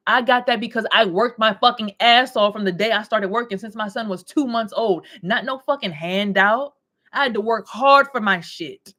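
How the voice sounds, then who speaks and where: A woman's voice: fairly high pitch, a bit bright. A young adult woman hosting a podcast, delivering a fiery, profane, preachy spiritual monologue. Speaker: podcast host.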